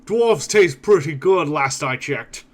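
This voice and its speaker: A man voicing a big hungry male ogre road guard who talks slowly in broken, clipped phrases. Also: on the high side, animated. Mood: drawling. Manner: slow broken speech, drops small words.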